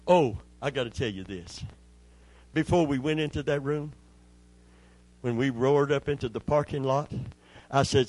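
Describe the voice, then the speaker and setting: A middle-aged male pastor preaching a sermon, telling a personal story with emotion and dropping to a hushed voice when he re-enacts a prayer. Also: medium pitch, unhurried, long pauses, low-quality recording.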